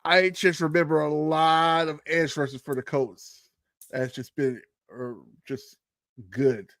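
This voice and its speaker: Man, slow-paced, laid-back livestream host, halting with fillers, dry close sound. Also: on the high side, steady tone, a bit bright, no room sound. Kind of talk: casual sports watch-along commentary.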